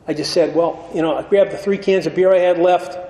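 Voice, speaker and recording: A man's voice: high voice, fairly even intonation, a little fast, mellow. A man giving a wry, self-mocking storytelling share at a recovery meeting, acting out the dialogue as he goes. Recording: echoey hall with faint ambience.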